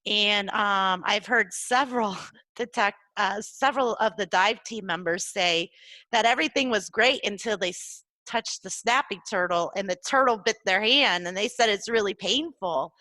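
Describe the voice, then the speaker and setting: A woman's voice: medium pitch, normal speed, pushed and bright, no echo. A woman hosting a live-streamed interview, asking questions and reading out viewer names. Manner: friendly, reads out viewer names, uses "um". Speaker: host.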